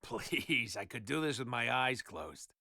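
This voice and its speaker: An actor playing a boastful, chatty barber questioned in a detective video game. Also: male voice, mid-range voice, very animated, measured pace, sharp tone, dry recording, clean studio sound, heavily acted. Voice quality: theatrical, self-assured. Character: boastful chatty male barber, middle-aged.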